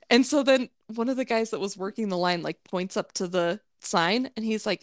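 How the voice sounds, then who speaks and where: A woman co-hosting a casual podcast, telling a story in a lively way, acting out quotes and swearing. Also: a little high, normal speed, hardly any pauses, no echo, clean studio sound. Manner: animated, acts out quotes, swears. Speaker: podcast co-host.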